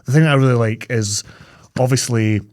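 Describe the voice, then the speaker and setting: A man's voice: mid-range voice, a little fast. A man co-hosting a casual film podcast, telling stories with energy and acting out quoted lines in a studio. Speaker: podcast co-host. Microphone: studio podcast mic.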